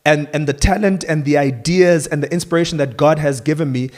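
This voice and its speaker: A South African man in his thirties, a musician co-hosting a casual chat, speaking haltingly with repeated words and frequent "you know"s. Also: fairly high pitch, a little mellow. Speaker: co-host, musician.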